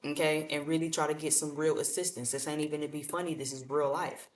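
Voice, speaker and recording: A woman's voice: low-pitched, flat delivery, quick pace. A woman giving a casual tarot reading, speaking bluntly and colloquially, repeating herself and addressing viewers directly. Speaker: tarot reader. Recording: echoey room, far from mic.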